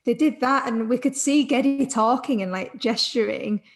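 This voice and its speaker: A young woman from England, a podcast guest telling fan memories in a giggly, animated way. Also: a little high, normal speed. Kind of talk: casual chat.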